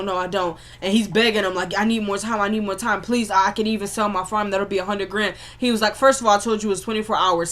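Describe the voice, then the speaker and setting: A woman casually recapping a TV drama episode, retelling scenes and acting out the characters' lines in a chatty way. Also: medium pitch. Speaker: TV recap vlogger.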